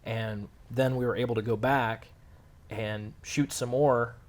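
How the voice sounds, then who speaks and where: A man answering interview questions about making a short film, relaxed and rambling with lots of fillers. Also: medium pitch, a little slow. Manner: relaxed storytelling with many fillers. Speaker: filmmaker interviewee.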